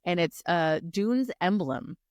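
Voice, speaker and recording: A woman co-hosting a casual book-club podcast, recapping the plot in animated, profane storytelling. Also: fairly low pitch, slow, dry recording, clean studio sound. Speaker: podcast co-host.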